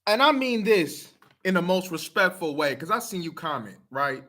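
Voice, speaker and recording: A man's voice: sits high, sing-song, normal speed, hardly any pauses, fairly bright tone, slight background noise. A man talking straight to camera, blunt, profane and heated, repeating himself to press his point. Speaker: video commenter. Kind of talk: casual talk to camera.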